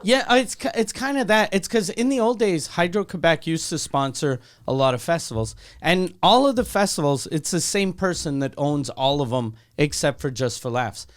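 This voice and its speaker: A man co-hosting a comedy podcast chats casually and laughs often. His voice is high. His pitch swings widely as he talks and restarts his sentences. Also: lively intonation, moderate pace, hardly any pauses. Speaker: podcast co-host.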